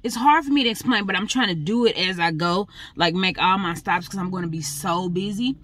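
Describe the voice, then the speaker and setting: Chatty woman with a lowish voice. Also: brisk, a bit bright. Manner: chatty, talks straight to viewers with "y'all". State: pregnant; out of breath. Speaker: vlogger. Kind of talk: casual vlog chat.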